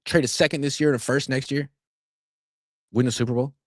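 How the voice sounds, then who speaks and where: Animated sarcastic man, dry close mic. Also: mid-range voice, brisk, no echo. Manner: animated, sarcastic, swings loud for emphasis. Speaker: sports podcast host. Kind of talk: opinionated solo sports commentary.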